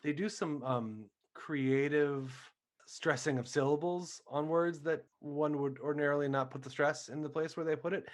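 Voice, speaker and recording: A man's voice: a little high, moderate pace. A man, a stage actor guesting on a podcast, talking in a thoughtful, rambling way full of fillers. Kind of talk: casual chat.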